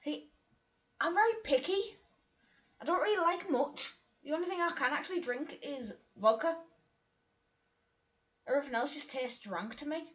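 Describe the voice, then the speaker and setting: A woman chatting casually on a live stream, a little tipsy, self-deprecating and quick to laugh. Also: high voice, lively intonation.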